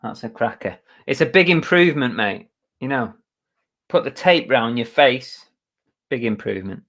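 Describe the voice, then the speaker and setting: A man's voice: medium pitch, lively intonation, normal speed, fairly bright tone. A man hosting a casual live stream chat, greeting viewers by name in a chatty, self-mocking way with mild muttered curses.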